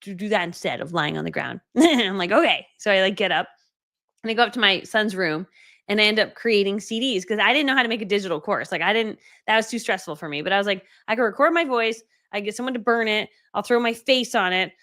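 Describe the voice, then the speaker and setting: A middle-aged woman coach telling a story in a casual, animated way, full of "like" and "right?". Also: mid-range voice, fast. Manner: animated, dramatic retelling with many "like"s and "right?". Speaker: online course creator and coach.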